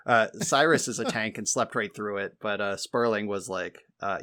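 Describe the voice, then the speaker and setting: Low-voiced man telling wry stories. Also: unhurried, bright, forceful tone. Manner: wry, exasperated, swears freely. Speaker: podcast co-host. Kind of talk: casual storytelling chat.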